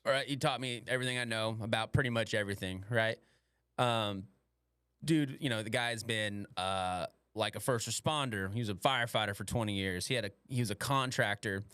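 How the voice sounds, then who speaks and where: A man's voice: lowish voice, fairly quick, bright, forceful tone, clear, resonant tone, no echo. A man in his twenties hosting a casual podcast. He rambles crudely and laughs often. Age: 20s. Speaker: podcast host.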